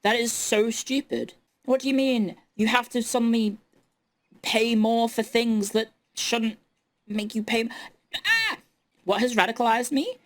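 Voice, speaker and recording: A woman's voice: a little high, steady tone, normal speed. A young woman streaming, ranting in casual chat with incredulous outbursts. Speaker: VTuber streamer.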